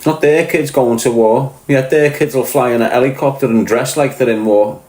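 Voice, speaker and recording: A Scouse-accented man from Liverpool, England, appears as a podcast guest, ranting bluntly and profanely in a conversational monologue and repeating his points. His voice is medium-pitched and a little mellow, with fairly even intonation at normal speed. The audio is poor and reverberant.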